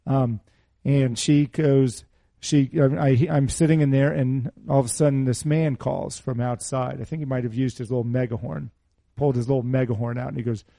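A middle-aged male preacher with a warm, mellow tone, speaking close to the mic in a dry, dead room. He moves between scripture and a personal story and keeps asking his listeners questions in an easygoing way. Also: mid-range voice, vocal fry, no echo. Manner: conversational, asks the audience questions.

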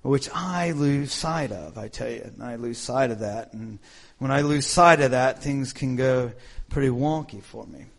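A man's voice: medium pitch, measured pace, vocal fry. A man preaching in a casual, joking, self-deprecating way to his congregation. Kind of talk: informal sermon talk.

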